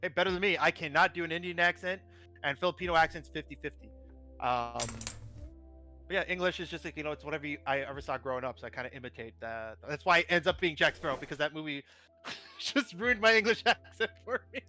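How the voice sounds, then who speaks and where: A young man chatting casually on a livestream, telling rambling, animated stories. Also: fairly high pitch, fast talker, soft background music. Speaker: guest streamer. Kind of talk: casual stream chat.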